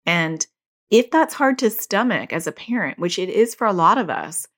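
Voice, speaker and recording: Animated middle-aged woman explaining. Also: normal speed. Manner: lively, acts out quoted lines in a higher voice. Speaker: parent educator teaching about OCD. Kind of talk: casual explaining talk.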